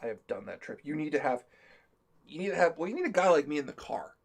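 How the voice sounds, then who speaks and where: A man chats through a story on a live stream, his voice sitting a bit high and swinging widely in pitch. He talks nonstop, laughs as he goes and slips into quoted voices. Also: big pitch swings, fast, vocal fry. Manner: talkative, laughs through the telling, acts out the quotes. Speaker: stream co-host. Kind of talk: comic anecdote on a live stream.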